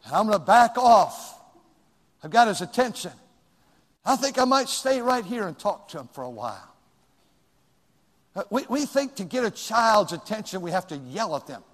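A middle-aged male pastor preaching a sermon, swinging from loud shouts to hushed asides. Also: high-pitched, big pitch swings, normal speed, pauses often, big-room sound.

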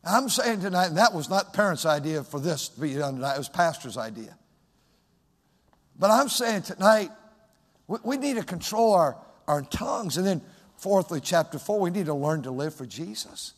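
A man with a high voice preaching a sermon from the pulpit. He swings between shouted, emphatic lines and quiet, hushed asides. His voice rings out with a long reverb in a church sanctuary. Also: sing-song, moderate pace. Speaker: pastor.

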